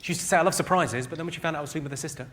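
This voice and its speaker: A man's voice: on the high side, steady tone, very fast. A man telling dry, bawdy stand-up stories. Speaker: stand-up comedian. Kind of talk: stand-up comedy. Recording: loud noisy live recording.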